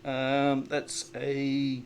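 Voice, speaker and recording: A man playing a tabletop game, joking and laughing often with sudden animated bursts. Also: medium pitch, very slow, a little hiss or hum. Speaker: player. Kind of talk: casual tabletop game chat.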